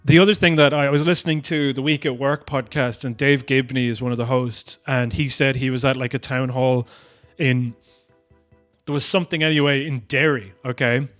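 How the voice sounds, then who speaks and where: Man, podcast host, casual chat, animated, swears freely, mocking tone, mid-pitched voice. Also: normal speed, soft background music.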